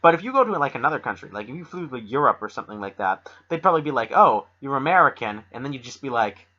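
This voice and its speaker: A young man from Ontario with a Canadian accent, co-hosting a podcast in a rambling, animated casual chat. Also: medium pitch, lo-fi sound. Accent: Canadian English, Ontario. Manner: rambling, animated, quick to laugh. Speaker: podcast co-host.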